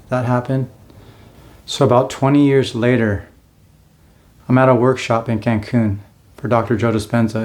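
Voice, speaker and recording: A man's voice: mid-range voice, a little mellow. A man in his forties telling his own life story in a casual, earnest way, now and then acting out what he said back then. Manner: earnest, acts out his own past lines.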